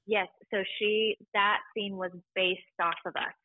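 A woman who works at a library, telling stories casually in an interview, animated and full of quoted voices. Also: mid-range voice, unhurried, dry recording, narrow, tinny audio. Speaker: library staff member.

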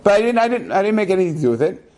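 Rabbi guy telling a story, kinda high voice, gets really animated and punchy. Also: racing. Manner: animated, emphatic, voice jumps up on key words. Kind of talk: storytelling talk to a congregation.

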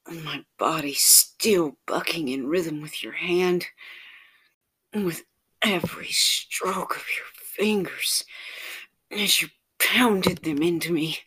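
A woman narrating an intimate story in a whispered role-play, with a slow, breathy manner. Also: on the low side, fairly bright tone. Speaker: erotic audio narrator.

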